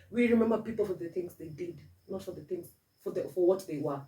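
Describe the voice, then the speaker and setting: A woman's voice: fairly low pitch, fast talker, dark tone, recorded from a distance. A woman interviewing a student, talking in an earnest, advice-giving way with frequent restarts. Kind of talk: casual interview. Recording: echoey room, voice from off-mic.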